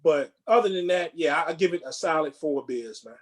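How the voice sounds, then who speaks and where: A man co-hosting a movie podcast in casual chat, relaxed and rambling, often repeating words and restarting. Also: on the high side, fairly quick. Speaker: podcast co-host.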